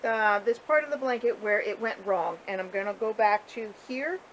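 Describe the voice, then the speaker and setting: A woman's voice: mid-range voice, normal speed, slight background noise, poor audio. A middle-aged woman chatting candidly to viewers about her crochet project in a casual home video. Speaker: crochet vlogger. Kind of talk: casual chat.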